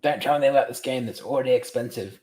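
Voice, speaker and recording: A man with an Australian accent, a podcast guest in casual chat, chatty and quick to joke. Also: mid-range voice, a little mellow.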